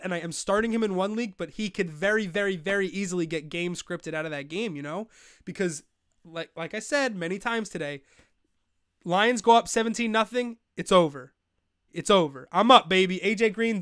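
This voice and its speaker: Young man, show host, casual live chat, excitable, swearing, crisp tone. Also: sits high, normal speed, dry recording, clean studio sound. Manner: excitable, swears, rants in frustration. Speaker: fantasy football show host. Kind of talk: live-streamed casual commentary.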